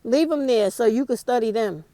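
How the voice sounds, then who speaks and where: A woman vlogger delivers a casual rant to camera in a blunt, heated way, swearing freely. Her voice sits a bit high, and the recording is close and dry. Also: normal speed, mellow, dry recording.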